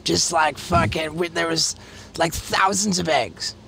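A man hosting a podcast, telling a rowdy, profane story, excitable and laughing as he talks. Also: on the high side, measured pace, vocal fry, a little hiss or hum. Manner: excitable, profane, laughs through his stories. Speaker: podcast host.

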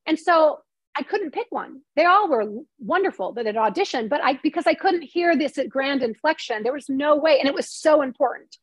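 A woman's voice: sits high, expressive, moderate pace, no echo, rough recording. A woman screenwriter and novelist, talking in a casual interview and telling stories animatedly, with many restarts.

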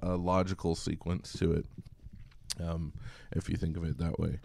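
A man giving a recorded college music lecture in a relaxed, chatty way, singing short examples. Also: sits low, moderate pace, vocal fry, no room sound, studio quality.

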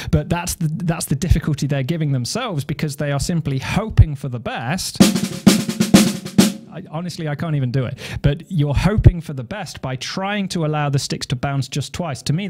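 A man's voice: a little high, normal speed, darkish tone, faint music behind. A man teaching snare drum technique, explaining step by step and counting beats aloud. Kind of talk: instructional demonstration. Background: snare drum playing.

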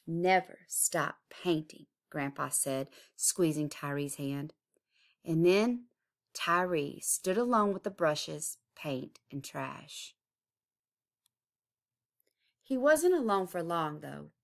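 A woman's voice: deep voice, slow, creaky. A woman, an art teacher, reading a picture book aloud expressively, chanting its rhyming refrains. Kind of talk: storybook read-aloud.

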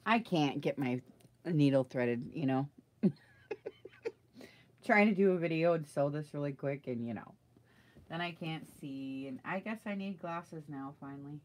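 A middle-aged crafter talks through her project in a chatty live video, musing aloud and asking her audience for suggestions. Her low-pitched voice is unhurried, with long pauses.

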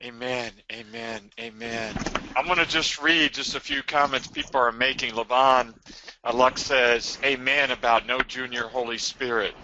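A man's voice: medium pitch, fairly even intonation, moderate pace, noisy background. A man hosting a live webinar, reading viewer comments aloud and affirming with frequent amens. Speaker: webinar host. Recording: dull, dry lo-fi web audio.

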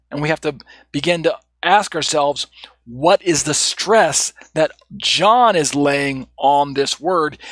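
A man's voice: a little high, fairly bright tone, no room sound. A man teaching an evening Bible study, reading quoted passages aloud and then explaining them with rhetorical questions and frequent fillers.

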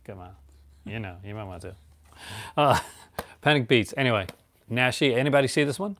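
A man's voice: mid-range voice, expressive, normal speed, fairly bright tone. A man hosting a casual, rambling chat about his movie collection, laughing often.

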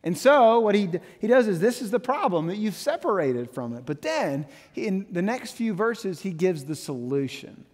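A man in his thirties preaching a sermon, animated, with playful asides and quotes he acts out. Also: sits high, moderate pace, few pauses, big-room sound. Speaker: pastor.

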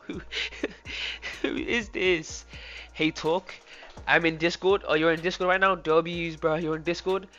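Bright-voiced young male streamer. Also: fairly high pitch, steady tone, measured pace. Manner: loud, laughing, repeats "oh my days" and "bro". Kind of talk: live stream reaction. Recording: dull lo-fi sound with faint music. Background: faint background music.

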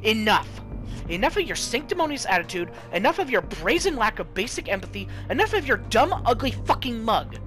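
A sharp-tongued young vampire woman, as a player puts her on fires off profane, sarcastic lines. The pitch jumps around animatedly. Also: sing-song, fairly quick, soft background music, natural voice. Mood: ranting. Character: young vampire woman, cynical and short-tempered. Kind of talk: voicing game dialogue.

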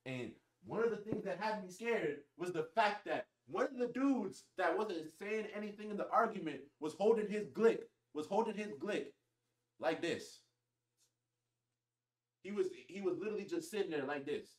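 Animated young man telling a rowdy story. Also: high-pitched, normal speed. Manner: animated, profane, slang-heavy. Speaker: vlogger. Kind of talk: casual storytime.

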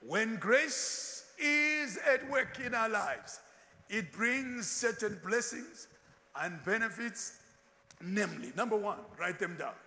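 Pastor man preaching, high voice jumping all over, echoey church hall. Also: slow pace. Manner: animated, switching into Ndebele asides and acted quotes. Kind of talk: sermon.

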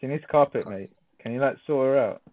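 With a crowd audible in the background, a man with a mid-range voice talks a little fast while gaming with friends. This Minecraft let's player keeps things jokey and teasing, laughing a lot, and the audio comes through as dry, phone-like voice chat.

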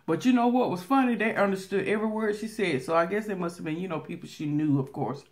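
A woman with a Southern country drawl, telling a story casually as a vlogger while eating on camera, talking loudly and laughing loud. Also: fairly low pitch, fast talker.

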